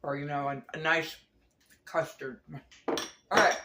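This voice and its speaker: A woman's voice: low voice, unhurried, echoey room, background noise. A woman chatting casually through a home recipe demo, rambling with frequent restarts and little laughs. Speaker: home cooking vlogger. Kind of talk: casual kitchen demo chat. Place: home kitchen.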